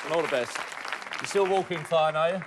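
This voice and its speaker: A man's voice: on the high side, fairly quick, a loud crowd. A man hosting a game show, teasing contestants with jokes and frequent laughter. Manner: teasing, jokey, laughs often. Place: TV studio with live audience. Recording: loud studio audience and hum.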